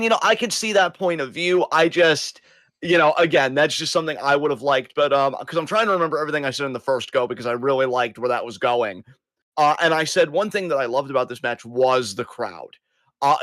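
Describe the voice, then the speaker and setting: Man, podcast co-host, rambling casual talk, dry close sound, mid pitch. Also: fairly bright tone, no echo. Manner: rambling, self-correcting, chatty. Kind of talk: casual chat.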